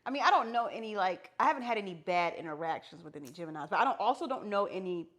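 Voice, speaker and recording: A woman's voice: medium pitch, expressive, quick pace, fairly bright tone. A woman co-hosting a podcast, chatting casually, teasing and playful. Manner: teasing, playful, laughs often. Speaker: podcast co-host. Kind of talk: casual chat.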